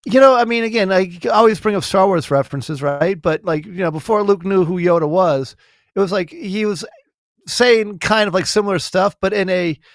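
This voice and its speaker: A man co-hosting a podcast in casual chat, excitable and often stumbling over his words. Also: high voice, normal speed, dry recording, clean studio sound. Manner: excitable, stammering restarts. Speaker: podcast co-host.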